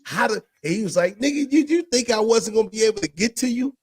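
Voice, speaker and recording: A man's voice: high voice, quick pace. A man telling a personal story in a casual podcast chat, acting out the voices of others and dropping to a near whisper at emotional moments. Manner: animated, acts out voices in his story, drops to a near whisper for emotional parts.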